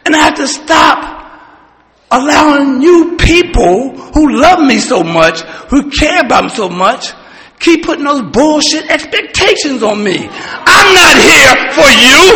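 Man, very high gravelly voice, fervent shouted testimony at a recovery meeting, long hall reverb. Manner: fervent, often shouting, with a preacher-like rhythm and blunt profanity. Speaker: speaker sharing at a recovery meeting. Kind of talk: impassioned personal testimony.

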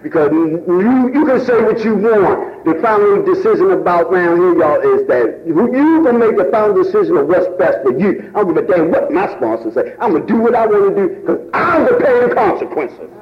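Man with a Baltimore accent, fiery meeting testimony, shouts and near-tears, lo-fi room recording. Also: sits high, animated, moderate pace, hardly any pauses. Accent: African American Vernacular English, Baltimore. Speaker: recovery meeting speaker. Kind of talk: impassioned testimony.

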